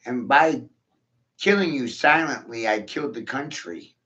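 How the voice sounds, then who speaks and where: A man's voice: mid-range voice, unhurried, bright, forceful tone. Crude, mocking man in an echoey room. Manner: crude, profane, mocking, rambling. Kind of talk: rambling monologue. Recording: echoey room, dull lo-fi sound.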